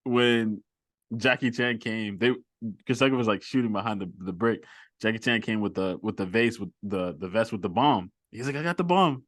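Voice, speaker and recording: A man hosting a casual movie chat, excitable, laughing often and repeating himself. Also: lowish voice, normal speed, no room sound, clean studio sound. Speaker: podcast host.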